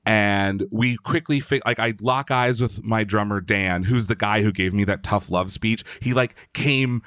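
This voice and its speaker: A man's voice: lowish voice, measured pace, fairly bright tone, smooth, dry recording, studio quality. A man from Philadelphia, a podcast guest, telling a long story in a loose, chatty way, full of "like" and the odd swear word. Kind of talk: casual storytelling.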